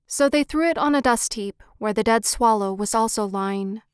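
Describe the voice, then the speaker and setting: A woman narrating a classic fairy tale audiobook in a measured, expressive reading style, on a close mic. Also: a little high, clean tone, dry recording. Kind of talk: scripted storybook narration.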